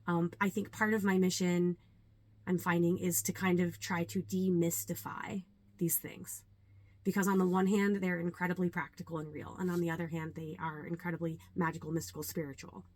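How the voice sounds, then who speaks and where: A young adult woman, a yoga teacher, talking earnestly and reflectively to camera, with many ums and pauses. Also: lowish voice, level tone. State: a little nervous. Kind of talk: casual talk to camera.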